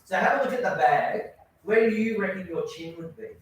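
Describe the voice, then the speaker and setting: A man's voice: sits high, expressive, a little fast, slight background noise. A man teaching a children's karate class, giving instructions and praising his students often. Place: indoor training hall. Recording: very echoey hall, mic far off.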